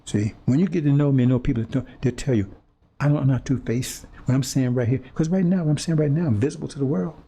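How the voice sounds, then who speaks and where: This preacher has a mid-range, mellow voice with a breathy edge, and he speaks fast. Addressing his audience, he's fiery and confrontational, repeating phrases and stumbling over words, with restarts while he finds them.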